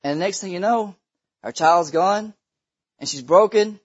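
Impassioned male preacher, husky higher voice, slightly dull lo-fi church recording. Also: measured pace. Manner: impassioned, repeats phrases for emphasis. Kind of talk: sermon. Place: church sanctuary.

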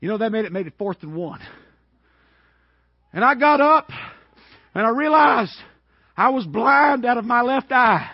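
Male preacher, high and husky, dry slightly muffled sound, animated sermon storytelling. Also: a little slow, pauses often, no room sound. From Georgia, US. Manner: animated, building to shouted peaks. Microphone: worn microphone.

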